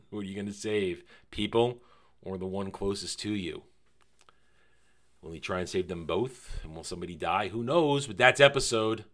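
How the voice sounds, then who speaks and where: A man giving a casual, animated review of a TV episode, repeating phrases for emphasis and swearing now and then. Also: low-pitched, moderate pace, pauses often. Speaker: TV series reviewer.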